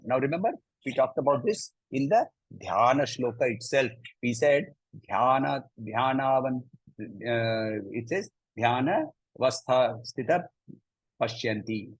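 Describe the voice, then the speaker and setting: A man with an Indian English accent teaching a scripture class, chanting verses slowly and then explaining them with lively emphasis. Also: medium pitch, husky, no room sound, low-quality recording. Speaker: Gita teacher.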